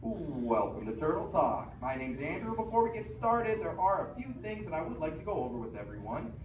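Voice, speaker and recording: A man hosting a theme park show, giving an upbeat audience briefing and warm-up. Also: on the high side, big pitch swings, fairly quick. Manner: upbeat, clear announcing to a crowd. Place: indoor theater. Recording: echoey distant theater, noisy.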